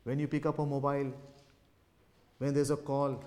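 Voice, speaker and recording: Emphatic preacher in a reverberant hall. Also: male voice, medium pitch, level tone, normal speed, a little mellow. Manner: emphatic, repetitive preaching with rising and falling emphasis. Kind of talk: sermon. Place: gospel hall. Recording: long reverb of a gospel hall.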